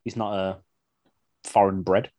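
A deep-voiced man hosts a relaxed podcast, taking a measured pace as he reads out listener submissions. He sounds lively and laughs often along the way.

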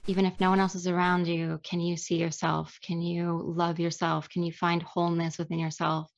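Chatty, self-deprecating actress. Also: female voice, on the low side, moderate pace, vocal fry, dull audio. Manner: animated, self-deprecating, laughs often. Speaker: actress, interview guest. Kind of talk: casual interview chat.

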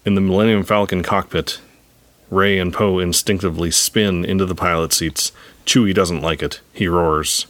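A man with a deep voice narrates a script read-aloud. His delivery is brisk and even, with occasional dry humor. The sound is dry and close. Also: no room sound.

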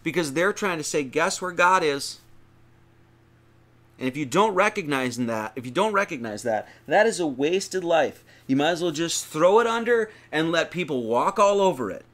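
A man's voice: fairly high pitch, lively intonation, normal speed, a bit bright. A man giving an informal sermon, reading scripture aloud and explaining it in a conversational, rambling way, stretching out phrases for emphasis. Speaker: preacher.

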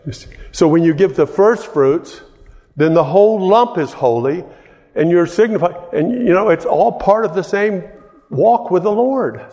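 A man's voice: sits high, lively intonation, moderate pace, warm tone, in a large hall. A man preaching a sermon as pastor, conversational, often repeating and restarting his phrases.

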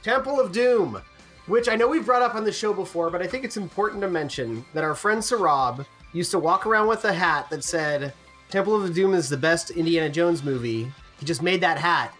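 A man's voice: high-pitched, lively intonation, a little fast, a bit bright, soft background music. A man co-hosting a podcast in casual chat, rambling and jokey with lots of fillers. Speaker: podcast co-host.

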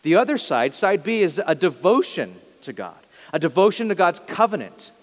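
A man's voice: high-pitched, in a large hall. A male pastor giving a sermon, talking in an earnest, conversational way and often correcting himself mid-sentence.

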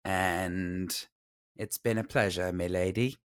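Low-voiced woman podcast co-host. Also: fairly even intonation, takes it slowly, no echo. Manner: warm agreeing listener, frequent mm-hmms. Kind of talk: casual chat. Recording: dry close sound, remote call.

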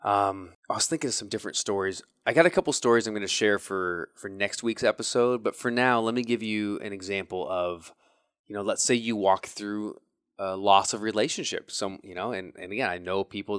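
A podcast host gives motivational talk in an earnest, coaching manner, addressing his listeners directly. His voice is fairly low, brisk, a bit bright, clear and resonant, captured dry with clean studio sound.

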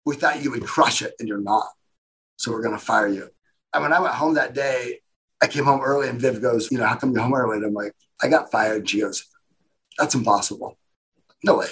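A man speaks as an interview guest, his voice husky and a little breathy. He rambles through his story with animation and slips into the voices of the people in it. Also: medium pitch, fairly quick, fairly bright tone, poor audio.

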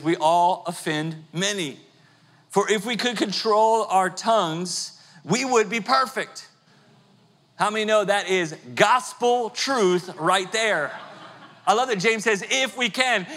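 A man in his thirties preaching a sermon as pastor, swinging between rising, emphatic peaks and quiet, low stretches.

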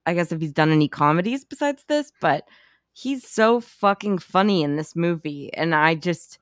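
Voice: mid-range voice, expressive, normal speed, no room sound, studio quality. A podcast co-host in casual movie chat who swears freely and acts out quotes in a jumped-up voice.

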